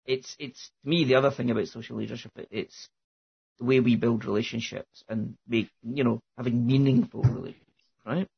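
A man's voice: mid-range voice, fairly even intonation, a little fast, vocal fry, breathy edge, muffled recording. A man hosting a casual podcast chat, reflective and hesitant with many fillers. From Scotland. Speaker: podcast host. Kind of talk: casual conversation.

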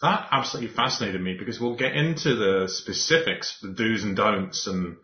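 Male podcast host, lower voice, rambling, echoey room, muffled audio. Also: brisk. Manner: rambling, restarts, laughs often. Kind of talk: hosting an interview.

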